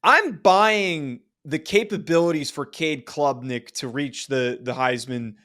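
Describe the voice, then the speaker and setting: Male podcast co-host, slightly raised pitch, measured and methodical in disagreement. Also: sharp tone. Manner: measured, argues a counterpoint step by step. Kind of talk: casual sports debate.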